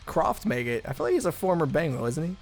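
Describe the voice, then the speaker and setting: A man's voice: a little high, expressive, fast, faint music behind. A man commentating his own football video game play in a casual, chatty way, thinking aloud with blunt asides. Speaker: gaming channel host.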